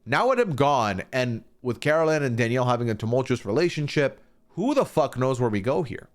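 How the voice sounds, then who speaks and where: A man's voice: mid-range voice, brisk. A man streaming a casual, opinionated recap of a reality show, swearing freely and acting out what people said. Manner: animated, swearing, acting out quoted lines.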